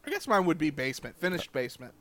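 Male co-host, wisecracking, slightly high voice. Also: very animated, dry recording. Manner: wisecracking, dropping quick one-liners. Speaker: podcast co-host. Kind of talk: casual chat.

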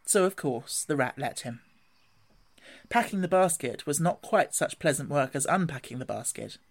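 A man reading a classic storybook aloud in an expressive, gently animated way. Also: fairly high pitch, normal speed. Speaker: narrator.

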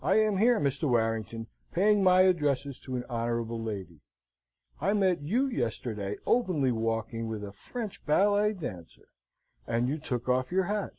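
A man voicing a stern, blunt middle-aged army colonel in an audiobook, speaking curtly and gravely. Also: mid-range voice, sing-song, moderate pace, dark tone, no room sound. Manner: curt, grave, frank.

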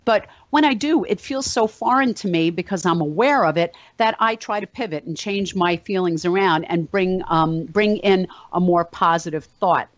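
A woman speaks as a motivational speaker to a small group, telling animated stories with plenty of ums and uhs. The recording sounds dull and lo-fi, with a dry, close sound. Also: on the low side, moderate pace, hardly any pauses, no room sound. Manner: animated storytelling with fillers. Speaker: motivational speaker and meetup organizer. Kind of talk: casual talk to a group.

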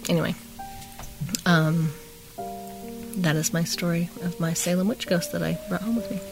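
A woman's voice: lowish voice, fairly even intonation, moderate pace, gravelly, music in the background. A middle-aged woman casually telling a long personal story on a chat show, rambling and acting out what people said. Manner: rambling, chatty, re-enacts quoted dialogue. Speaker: podcast co-host telling a story.

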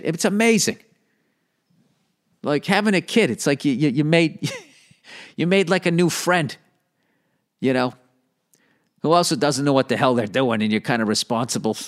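A man hosting a solo podcast, rambling in a profane, jokey way about his life. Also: medium pitch. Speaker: podcast host.

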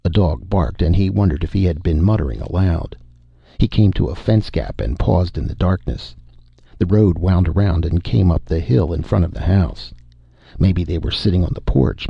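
Male audiobook narrator, very deep and husky, dry dull lo-fi sound. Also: no room sound. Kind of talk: scripted narration.

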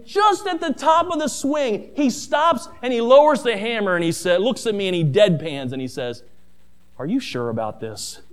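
A middle-aged man preaching a sermon who tells stories, calls his listeners family, and rises in pitch and volume on key points. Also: clear, resonant tone. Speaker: pastor.

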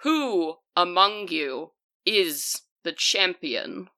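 A woman voicing an ancient female lake spirit made of water, who speaks in slow, solemn, commanding questions. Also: fairly low pitch, big pitch swings, sharp tone, heavily acted.

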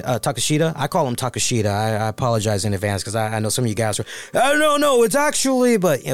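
Casual, swearing man with a smooth voice. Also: medium pitch, no room sound. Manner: animated, swears freely, addresses listeners as y'all. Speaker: wrestling show reviewer and host. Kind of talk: casual solo review talk.

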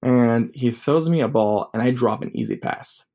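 A man's voice: medium pitch, moderate pace, dark tone. A man in his twenties telling a personal story casually, rambling with many fillers. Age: 20s.

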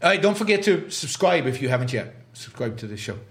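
A man hosting a live stream, reading viewer questions aloud and answering them in a halting, emphatic way, often restarting his words. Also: a little high, big pitch swings, fairly bright tone. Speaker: host.

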